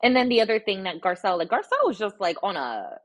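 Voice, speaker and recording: A woman's voice: medium pitch, sing-song, fast. A young adult woman giving a casual, sassy recap of a reality show with exasperated asides. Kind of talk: casual commentary.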